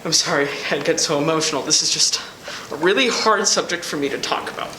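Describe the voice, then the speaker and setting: A woman's voice: low voice, quick pace, sharp tone, a little hiss or hum. A young woman playing a self-pitying, rambling group member. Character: awkward young person named after a cactus. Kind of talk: student sketch comedy acting. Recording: echoey room.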